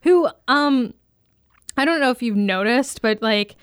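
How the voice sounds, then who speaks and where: East Coast Canadian woman, podcast co-host, loose and filler-heavy delivery, smooth tone, dry close recording. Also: a little high, animated, a little slow, dry recording. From Eastern Canada. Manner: rambling and self-teasing, many fillers. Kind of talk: casual chat.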